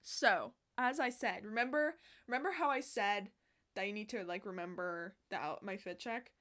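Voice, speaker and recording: A young woman vlogger chatting outdoors, excitable and sassy, swearing often. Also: medium pitch, normal speed. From Canada. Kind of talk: casual chat. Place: outdoors on a sunny day.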